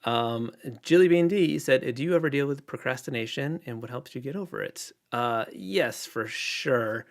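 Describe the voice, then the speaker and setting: A man chatting casually on a livestream, reading out viewer questions and answering in a relaxed, rambling way with lots of fillers. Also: medium pitch, moderate pace, few pauses. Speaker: illustrator livestreaming.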